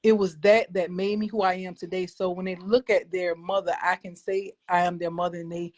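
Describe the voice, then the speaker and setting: A woman's voice: fairly low pitch, little pitch movement, a little fast, darkish tone. A woman guest on a podcast, speaking earnestly and reflectively as she gives a personal faith testimony.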